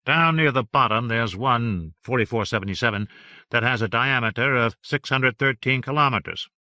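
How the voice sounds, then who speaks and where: A man's voice: medium pitch, normal speed, pushed and bright, dry recording, studio quality. A man voicing an eager male investigator asking questions on a call, in an audiobook reading. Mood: pressing. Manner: pressing, inquisitive questions. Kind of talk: audiobook dialogue.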